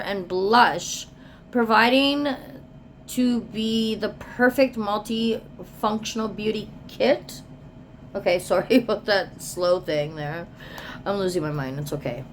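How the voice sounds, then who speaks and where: A woman's voice: mid-range voice, slight background noise. A woman chatting casually as she unboxes products, reading product descriptions aloud and sometimes dropping to a whisper. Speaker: beauty vlogger.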